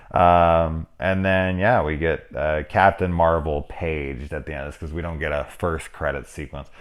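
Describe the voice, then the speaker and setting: A man in his forties giving a casual, rambling film review, swearing freely and laughing at his own jokes. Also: very deep voice. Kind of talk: casual spoilery movie discussion.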